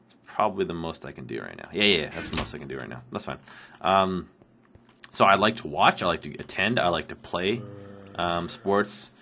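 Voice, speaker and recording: Rambling deep-voiced sick man gaming. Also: lively intonation, brisk, sharp tone, slight background noise. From Canada. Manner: rambling, laughs often, thinks aloud with many ums. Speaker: Minecraft let's player answering viewer questions. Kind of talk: casual gameplay commentary.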